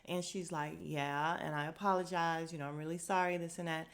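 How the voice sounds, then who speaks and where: A woman hosting a podcast recaps a reality show in casual chat, speaking in a low-pitched voice at a fairly quick clip. She's sassy and animated as she acts out what the cast said.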